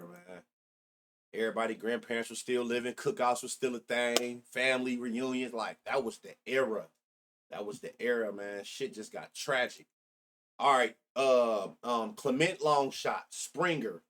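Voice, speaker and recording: A man's voice: medium pitch, fairly bright tone. A middle-aged man hosting a sports betting live stream, chatting loosely and profanely while reminiscing and reacting to his chat. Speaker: sports betting show host.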